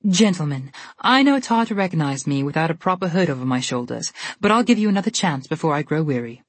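A woman's voice: fairly low pitch, sing-song, normal speed, husky, dry recording, full character voice. A woman narrator voicing a proud, easily offended young queen who talks in a haughty, indignant way.

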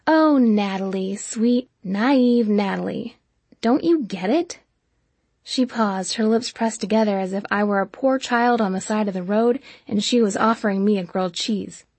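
A woman narrator voicing a spiteful young woman who taunts in a slow, sugary drawl, with a husky voice. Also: mid-range voice, fairly even intonation, no room sound, lightly acted. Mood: mocking.

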